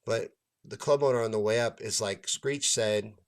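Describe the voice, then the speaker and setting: A man with a fairly low, brisk voice, a stand-up comedian and show host, tells a long story as a casual rant. He swears freely, stays animated, and acts out the lines of the people in the story.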